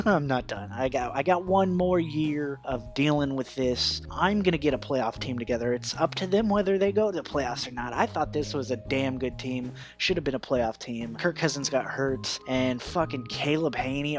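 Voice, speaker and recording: A man's voice: mid-range voice, normal speed, soft background music. A man giving casual, profane commentary over a football video game, ranting and laughing as he goes. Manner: ranting, swearing, laughing, mock voices. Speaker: gaming YouTuber.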